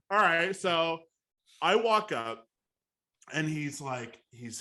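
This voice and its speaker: A man's voice: on the high side, sing-song, slow pace, pauses often, bright, forceful tone. A man co-hosting a podcast, telling a story with wry, sarcastic asides. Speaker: podcast co-host. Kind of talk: casual chat.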